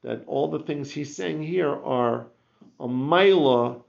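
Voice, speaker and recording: A man with a very gravelly, creaky voice leads a Talmud class, asking rhetorical questions and restarting his sentences. The recording is muffled and lo-fi. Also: on the high side, measured pace, a little mellow. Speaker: Talmud teacher.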